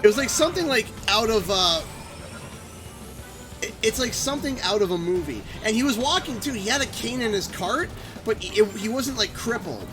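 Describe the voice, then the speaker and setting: Rambling Canadian streamer over game music. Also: male voice, sits high, normal speed. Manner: rambling, animated anecdote with many restarts. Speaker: live streamer. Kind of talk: casual live-stream storytelling. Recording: game music playing underneath.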